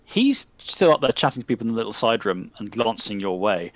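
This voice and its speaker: A man's voice: on the low side, lively intonation, a little fast, few pauses, low-quality recording. A man narrating a tabletop role-playing game as game master, rambling with many ums and likes.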